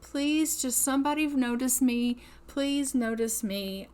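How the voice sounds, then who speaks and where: A woman's voice: high-pitched, a little slow, darkish tone, smooth. A woman voicing a sassy, attention-hungry young woman from a life-simulation game, with a whiny edge.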